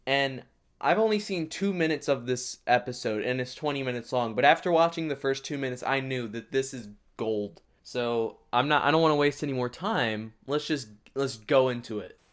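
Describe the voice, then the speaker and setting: A man hosting a reaction video, giving casual comedic commentary with excitable, sarcastic asides. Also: mid-range voice, moderate pace.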